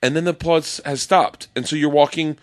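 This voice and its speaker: A man guesting on a podcast, telling anecdotes in an animated way and acting out the other people in them. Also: a little high, fairly quick, no echo, studio quality. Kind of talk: casual chat.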